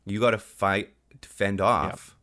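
A male podcast co-host in comedic casual chat, often agreeing in a deadpan way with short backchannels. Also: fairly low pitch, unhurried.

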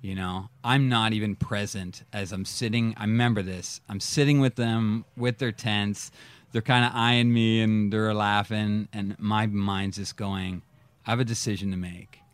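A man on a podcast telling a personal story in casual chat, acting out his own past reactions with sudden jumps in pitch. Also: fairly even intonation, unhurried, dry recording. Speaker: podcast guest.

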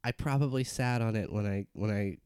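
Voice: medium pitch, a little fast, darkish tone, clean tone, no room sound, studio quality. A performer in an improvised comedy scene, hesitant and unsure as a fake doctor.

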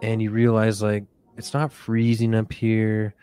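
A man hosting a comic sleep-story podcast, talking softly with drifting, rambling jokey asides. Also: fairly low pitch, monotone, measured pace, smooth, soft background music. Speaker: podcast host.

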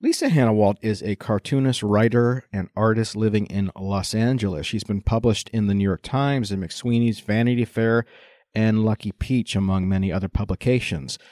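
A man's voice: fairly low pitch, moderate pace, darkish tone, dry recording, studio quality. A man hosting a podcast, reading an enthusiastic, admiring introduction of his guest. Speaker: podcast host.

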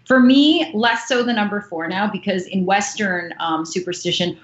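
A woman's voice: mid-range voice, moderate pace. A woman chatting casually on a podcast, earnest and full of fillers. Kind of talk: casual chat. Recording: echoey, dull lo-fi sound.

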